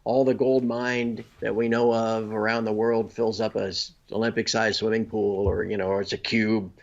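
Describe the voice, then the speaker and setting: A man's voice: lowish voice, flat delivery, moderate pace, creaky, highs cut off. A man being interviewed, explaining finance step by step and often checking in with "you know" and "okay?". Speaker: guest. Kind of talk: conversational interview.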